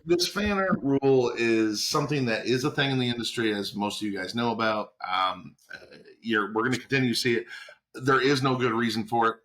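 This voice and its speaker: A man's voice: medium pitch, brisk, fairly bright tone. A man co-hosting a podcast, speaking his opinions plainly in casual chat. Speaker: podcast co-host.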